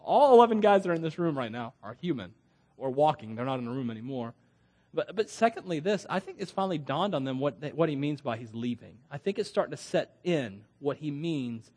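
A middle-aged man preaching a sermon in a conversational, animated way, with asides and laughter. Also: a little high, a little fast.

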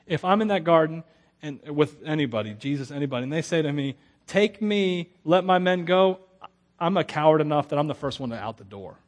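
A man preaching a sermon as a pastor, telling the story with lively humor and frequent stammering restarts. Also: a little high, fast. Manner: animated, acts out quotes with humor, stammering restarts.

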